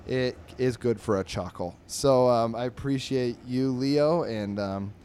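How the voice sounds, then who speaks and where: A man's voice: mid-range voice, measured pace, a little mellow, slight background noise. A man hosting a comedy podcast, reading and reviewing newspaper comic strips in a rambling, wry way with many fillers and restarts. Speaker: host.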